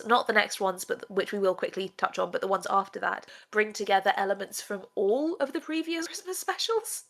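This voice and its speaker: A woman's voice: medium pitch, brisk, gravelly, few pauses, fairly bright tone. A woman co-hosting a podcast, chatting animatedly in a casual review of a TV episode. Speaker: podcast co-host. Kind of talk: casual discursive review chat.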